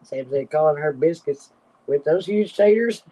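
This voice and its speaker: A woman's voice: low-pitched, dark tone, breathy edge. A woman hosting a casual live stream, reading viewer comments aloud and laughing constantly until she is breathless. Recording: slightly dull lo-fi audio.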